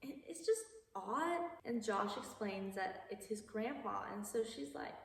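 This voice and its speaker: A woman's voice: medium pitch, lively intonation, a little slow, hardly any pauses, slight background noise. Chatty young woman, echoey and distant. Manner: chatty, many "like"s and asides, laughs often. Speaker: video creator. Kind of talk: casual movie plot recap. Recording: echoey hall from far off.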